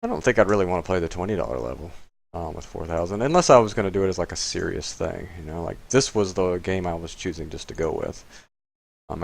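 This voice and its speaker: Man from Florida, low voice, casual poker commentary, lots of ums, excited outbursts. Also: gravelly. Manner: rambling and hesitant, with many fillers; bursts of excitement at big hands. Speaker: poker player and channel host. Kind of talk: casual commentary while playing online poker.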